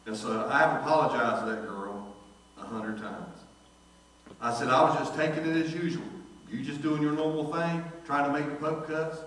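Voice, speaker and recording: A man, a pastor preaching a sermon and telling folksy stories, quoting the people in them with lively voices. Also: a little high, moderate pace, slight background noise. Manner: folksy storytelling, animated quoting of others. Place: church sanctuary. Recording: distant echoey church recording.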